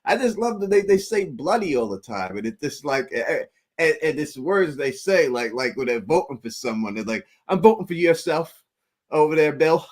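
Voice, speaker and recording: A man hosting a loose call-in stream, talking in an animated, excitable way. He laughs often and stumbles through restarts as he makes his point. His voice sits in an ordinary middle pitch. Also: normal speed, breathy edge. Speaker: livestream host. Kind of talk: casual call-in chat.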